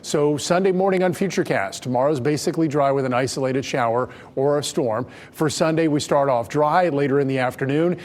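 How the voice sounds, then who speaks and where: A man presenting a local TV weather forecast in a brisk, conversational way. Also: fairly high pitch, darkish tone. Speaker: meteorologist.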